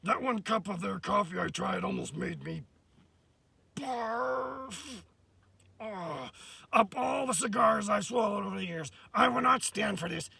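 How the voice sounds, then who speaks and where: Sisypho, a squeaky gravelly braggart. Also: male voice, expressive, unhurried, exaggerated voice. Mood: disgusted. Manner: shouty, profane, self-admiring. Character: vain crude cigar-loving male puppet, short-tempered.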